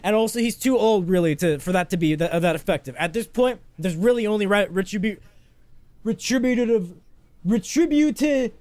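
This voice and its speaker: A man's voice: high voice, fast talker, few pauses, a little mellow, no echo. Profane, rambling stoned podcast host man. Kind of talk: casual podcast chat.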